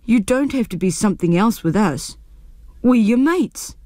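A woman's voice: mid-range voice, animated, moderate pace, warm tone, no echo, studio quality, natural voice. A woman voicing a wise, blunt rimu tree in a storybook reading, firm and reassuring.

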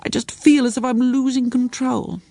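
A woman voicing an anxious middle-aged mother who is about to become a grandmother, speaking in halting, unsettled lines. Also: high-pitched, steady tone, vocal fry, warm tone, no echo, pitched above the performer's own voice. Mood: tense.

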